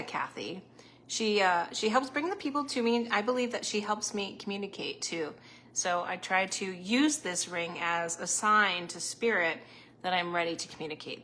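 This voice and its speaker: A woman's voice: lowish voice, bright, forceful tone, slight background noise. A woman hosting a casual live stream as a psychic medium at home, close to the camera, rambling and chatty and laughing often.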